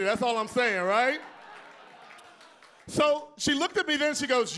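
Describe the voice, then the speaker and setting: A man from Texas doing stand-up into a handheld mic, sassy and loud, with sudden whoops. His voice sits fairly high for a man. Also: moderate pace, long pauses, some chatter behind, a little hiss or hum. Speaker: stand-up comedian. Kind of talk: stand-up comedy set.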